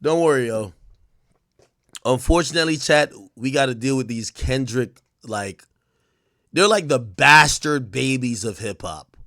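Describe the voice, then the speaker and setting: A man's voice: mid-range voice, unhurried, bright, forceful tone, dry recording, clean studio sound. A man in his thirties hosting a livestream, ranting to his chat in a profane, mocking way and laughing often. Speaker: livestream host. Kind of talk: casual rant to a live chat.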